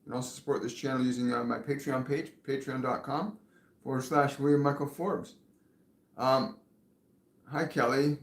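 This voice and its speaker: A man hosting a live spiritual Q&A, soft-spoken and unhurried. He pauses often, fills gaps with quiet fillers, and lets his voice sink nearly to a whisper. The room has a noticeable echo, and his pitch stays mid-range. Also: fairly even intonation. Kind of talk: live-stream channeling and reading viewer questions.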